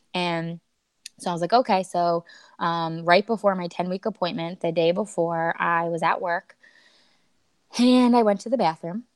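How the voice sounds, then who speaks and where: Podcast guest: young woman, low-pitched, chatty, quotes herself a lot. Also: clear, resonant tone, no room sound. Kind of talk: personal storytelling.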